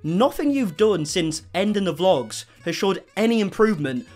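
A man's voice: high-pitched, very animated, moderate pace, darkish tone, faint music behind. A man doing reaction commentary, sarcastic and incredulous, swearing often. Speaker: commentary YouTuber.

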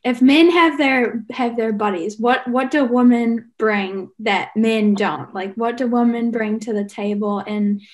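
A woman's voice: fairly high pitch, unhurried, hardly any pauses. A young woman moderating a webinar, agreeing with guests and asking the next question. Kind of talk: webinar interview. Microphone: video call.

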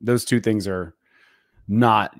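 A man co-hosting a podcast in casual, rambling conversation, full of fillers and throat clearing. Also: lowish voice, fairly even intonation, slow pace, no echo, studio quality. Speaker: podcast co-host.

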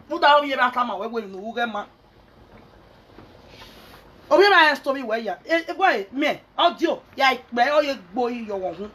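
Angry woman ranting, husky voice. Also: high voice, lively intonation, measured pace, pauses often, fairly bright tone, poor audio. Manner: angry, scolding, mixing pidgin and local language. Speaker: social media commentator. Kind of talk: angry rant to followers.

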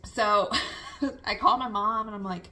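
Chatty young woman with a bright voice. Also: mid-range voice, fairly even intonation, a little slow. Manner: chatty, laughing often, lots of fillers. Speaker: vlogger. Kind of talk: casual storytelling vlog.

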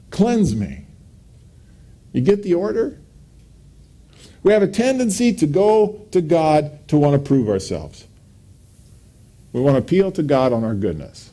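Male pastor, mellow voice, emphatic sermon delivery. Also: big pitch swings, measured pace, long pauses. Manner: emphatic preaching, pitch rising on quoted scripture.

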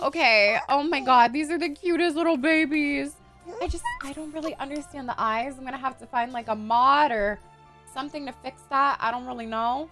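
A woman giving excited commentary while playing a life-simulation game, gushing, gasping and squealing, with casual swearing. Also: high voice, moderate pace, faint music behind. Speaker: gaming streamer.

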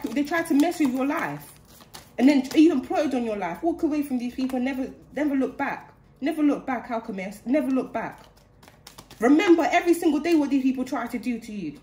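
A woman's voice: sits high, a little mellow. A woman giving a channeled spiritual reading in an indignant, heated way, repeating phrases for emphasis. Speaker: spiritual card reader. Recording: roomy echo.

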